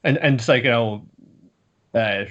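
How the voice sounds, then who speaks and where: A man co-hosting a casual podcast, relaxed and swearing casually, laughing often. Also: medium pitch, measured pace, highs cut off. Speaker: podcast co-host. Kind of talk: casual chat recapping anime.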